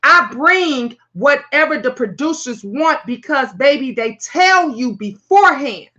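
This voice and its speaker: A woman hosting her own talk vlog, telling stories in a brash, profane, animated way. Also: high voice, measured pace, muffled recording. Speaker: talk show host.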